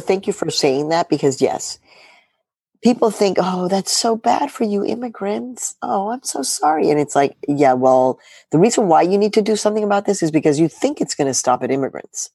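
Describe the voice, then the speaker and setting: A middle-aged woman journalist speaks in an interview with a wildly lively, swooping pitch. She presses her points with rhetorical questions and sarcastic asides. The sound is dry and close. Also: a little fast, no echo. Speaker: journalist guest. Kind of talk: animated political interview talk.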